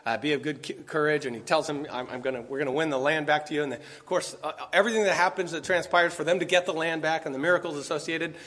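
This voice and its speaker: A man's voice: a little high, fairly even intonation, fast talker, hardly any pauses, fairly bright tone. A man preaching a sermon, reading scripture aloud and putting rhetorical questions to his listeners. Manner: emphatic, reads scripture aloud, asks the audience questions.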